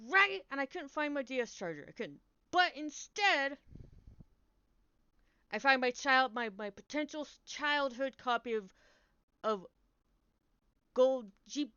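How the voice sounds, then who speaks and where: A young woman streamer telling a rambling, animated story in casual chat, swearing often and restarting her sentences. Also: sits high, measured pace, pauses often, clear, resonant tone, dry recording. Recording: dull, lo-fi, dry stream mic.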